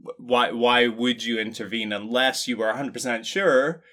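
A man's voice: medium pitch, fairly even intonation, moderate pace, sharp tone. A man co-hosting a casual discussion, explaining points in a wry, joking way. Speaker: podcast co-host.

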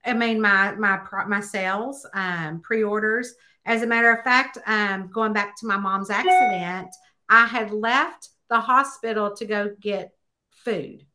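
A woman author chatting in a podcast interview, telling stories and acting out bits of dialogue with high, excited exclamations. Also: a little slow. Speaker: guest author.

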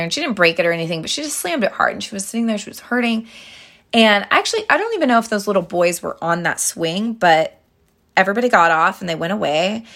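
A woman's voice: on the low side, vocal fry, a bit bright. A young adult woman hosting a podcast, telling stories and giving dating advice to her listeners in a chatty, earnest way with many fillers and restarts. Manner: earnest, addresses listeners directly as girls. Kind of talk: casual advice monologue.

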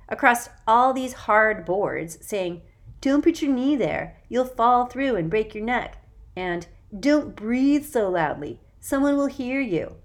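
A woman's voice: fairly high pitch, voice pushed up. A woman voicing a small, grumpy girl who complains indignantly in an audiobook.

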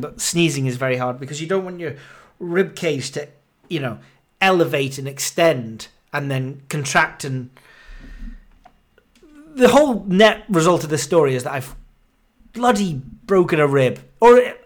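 A man in his thirties hosting a podcast, out of breath, rambling and grumbling with self-mocking humor. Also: a little high. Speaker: podcast host. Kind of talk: casual monologue.

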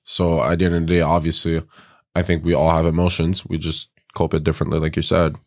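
A man with a very deep voice chats casually on a podcast. He keeps it relaxed and jokey and acts out other people's lines as he tells a story. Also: quick pace. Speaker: podcast co-host. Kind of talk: casual chat.

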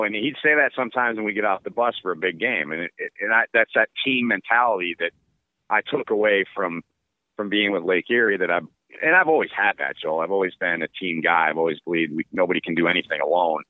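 A sports broadcaster answering interview questions in a relaxed, rambling way with lots of fillers. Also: male voice, sits low, no room sound. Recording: tinny phone-like line.

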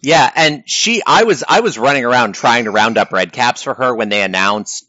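A man recaps a live-action role-playing game in casual chat, telling it as a lively story and laughing often. His voice sits close and dry. The recording is dull and lo-fi. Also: mid-range voice, normal speed, few pauses, no echo.

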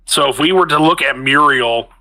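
A man's voice: a little high, normal speed, sharp tone, rough recording. A man narrating as game master of a tabletop game, chatty and restarting phrases as he describes the action.

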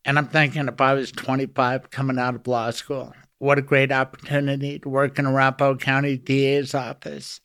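A man's voice: mid-range voice, flat delivery, brisk, few pauses, a bit bright, smooth. A man hosting a lawyers' podcast, chatting enthusiastically with his guest in a casual interview. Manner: enthusiastic, talkative.

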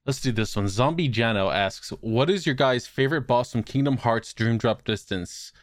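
A man's voice: medium pitch, moderate pace, no echo. A man hosting a casual podcast, reading listener questions aloud with dry jokes.

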